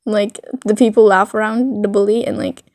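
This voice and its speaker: A woman's voice: mid-range voice, level tone, normal speed, a little mellow, no room sound, studio quality. A woman narrating a fan story casually, rambling with many fillers. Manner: rambling, filler-heavy, giggly.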